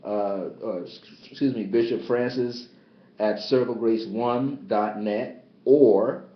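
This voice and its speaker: Emphatic man preaching over a lo-fi stream. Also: takes it slowly. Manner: emphatic and repetitive, swinging from loud high exclamations to low, subdued asides. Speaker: bishop and spiritual teacher. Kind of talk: livestreamed spiritual teaching. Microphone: tablet device. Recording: roomy, dull lo-fi tablet livestream.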